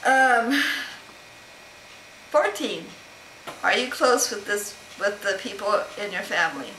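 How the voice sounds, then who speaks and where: A woman's voice: medium pitch, lively intonation, slow pace, a bit bright, roomy sound, a little hiss or hum, low-quality recording. A middle-aged woman chatting casually to camera at home, rambling and laughing as she answers questions. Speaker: vlogger answering a question tag. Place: home room.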